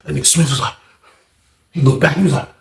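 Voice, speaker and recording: Male storyteller host, raised pitch, casual and slangy; echoey room sound. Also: quick pace, gravelly. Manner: loose, slangy storytelling peppered with "man".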